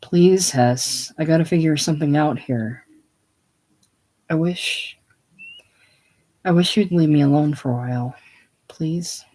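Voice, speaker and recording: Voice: medium pitch, takes it slowly, pauses often, darkish tone. A reader voicing an earnest, anxious young male mechanic in a casual play reading, with strained, pleading delivery. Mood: uneasy.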